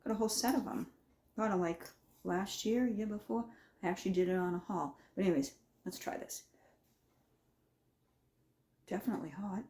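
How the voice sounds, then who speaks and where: A woman's voice: mid-range voice, normal speed, pauses often, darkish tone. A woman chatting casually in her home kitchen as she tastes and talks through her own cooking, rambling and folksy.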